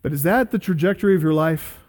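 A male pastor preaching an expository sermon, emphatic, building through repeated lists and slowing down on key words. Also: on the high side, darkish tone.

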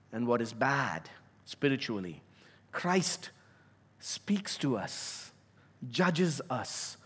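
A pastor delivers his sermon with earnest conviction, his voice sitting a little higher than most men's. He leans into important words and draws them out slowly for emphasis. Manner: earnest, emphatic preaching that slows on key words.

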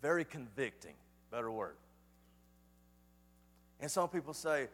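A male pastor preaching a sermon with passion, swinging from forceful lines to sudden soft, hushed drops, often repeating his phrases. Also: medium pitch, sing-song, measured pace, pauses often, breathy edge, long reverb tail.

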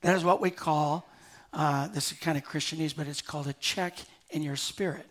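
An older man, a pastor delivering a sermon to a live congregation, moving between quiet, slowed passages and loud, urgent appeals. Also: a little high, fairly even intonation. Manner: swings from hushed to loud and urgent.

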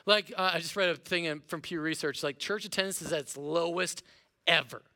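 A middle-aged male pastor preaching a sermon in a playful, animated way, acting out voices of his listeners. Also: on the high side, fairly quick. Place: church auditorium.

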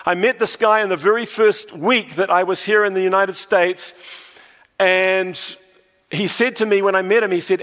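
A man's voice: sits high, steady tone, moderate pace, a bit bright, long reverb tail. A male pastor from New Zealand preaching a sermon, telling stories and often repeating words as he restarts a phrase.

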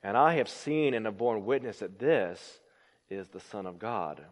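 A man preaching a sermon, swinging between loud emphatic lines and hushed, low phrases. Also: animated, a little slow. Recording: long reverb of a large hall.

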